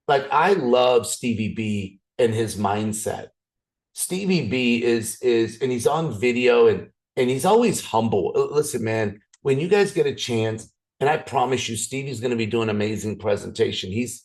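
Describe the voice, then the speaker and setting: A raspy man leading a motivational training call, excitable, swinging up and down and restarting his sentences often. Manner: excited, repetitive, frequent restarts; swings up and down in pitch. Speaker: business opportunity trainer.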